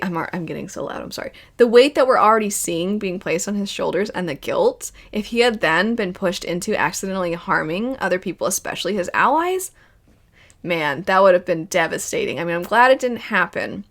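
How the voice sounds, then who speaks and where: Animated woman in casual reaction commentary. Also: mid-range voice, fairly quick. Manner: animated and emotional, laughing often. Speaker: video host reviewing a cartoon series.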